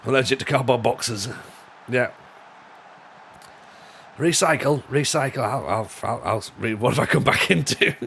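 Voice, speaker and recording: A man's voice: medium pitch, moderate pace, gravelly, a bit bright, a little hiss or hum. A man chatting casually on a live stream while gaming, rambling and joking with lots of restarts. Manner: rambling, jokey, full of restarts and laughs. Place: home room.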